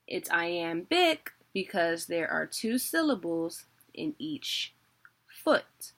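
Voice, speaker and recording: Bright-voiced chatty woman teaching. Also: on the low side, lively intonation, slow pace. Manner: chatty, self-deprecating, laughs often. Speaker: online teacher. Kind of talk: casual video lesson.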